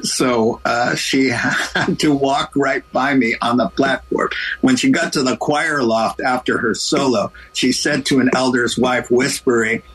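Man, pastor, middle-aged, husky, animated storyteller, radio interview guest. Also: mid-range voice, unhurried, rough recording. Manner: animated storyteller, acts out quoted voices.

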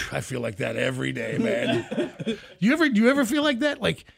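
A middle-aged man from the Kansas City area, hosting a casual chat and telling a story with animated, acted-out quotes. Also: medium pitch, moderate pace, creaky. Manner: animated storyteller, acts out quoted voices loudly.

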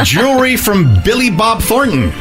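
A man's voice: high voice, wildly swooping pitch, normal speed, over music. A man hosting a morning radio show, joking and laughing while he reads out a list of prizes. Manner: playful, jokey, laughing while listing prizes.

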